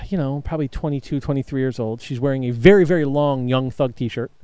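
Animated swearing storyteller man. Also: mid-range voice, fairly quick, smooth, no room sound. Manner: animated, swears freely, acts out quotes, laughs a lot. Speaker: podcast co-host telling a story. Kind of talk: casual storytelling chat.

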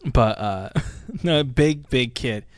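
Deadpan man trading dry one-liners. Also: medium pitch, takes it slowly, no echo. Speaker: podcast co-host. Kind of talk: casual comedic chat. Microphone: studio microphone.

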